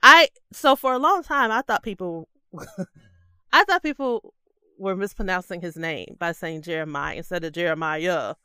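A woman's voice: medium pitch, animated, normal speed, pushed and bright, clear, resonant tone, dry recording. A woman co-hosting a podcast in casual chat, easygoing, laughing often and trailing off with "um.". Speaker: podcast co-host.

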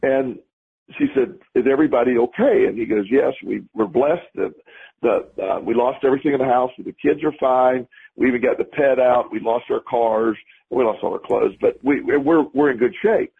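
A man's voice: medium pitch, moderate pace, vocal fry, slightly rough. A man co-hosting a podcast, telling a story in a rambling way and repeating his words as he starts sentences. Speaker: podcast co-host. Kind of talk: casual conversation, storytelling. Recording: lo-fi phone-like audio.

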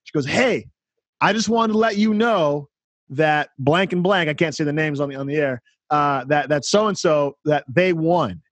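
Excited high-voiced man telling a story. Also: normal speed, dry recording. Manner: excited, animated storyteller acting out dialogue. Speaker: podcast co-host, counselor. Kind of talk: casual chat, storytelling.

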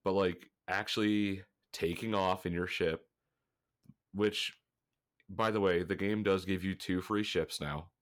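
His voice is low, with fairly even intonation and a slightly slow pace. The man co-hosts a gaming podcast, sounding a little congested as he chats, rambles, swears, and laughs frequently.

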